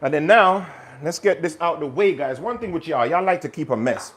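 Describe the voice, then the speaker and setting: A man's voice: a little high, animated, a little fast, very noisy. A man hosting a live cooking stream, chatting energetically and talking straight to his viewers. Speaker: cooking channel host.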